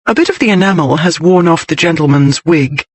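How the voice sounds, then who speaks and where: A man voicing a composed young lady who speaks crisply and teases with dry wit. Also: on the high side, lively intonation, brisk. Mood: cool teasing. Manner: crisp, poised, dryly teasing. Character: composed, witty young lady, cool and teasing.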